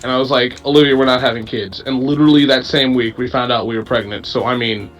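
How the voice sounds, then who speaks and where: A man who is a parent, speaking in a measured, thoughtful way in a casual chat. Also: mid-range voice, steady tone, a bit bright, faint music behind, poor audio.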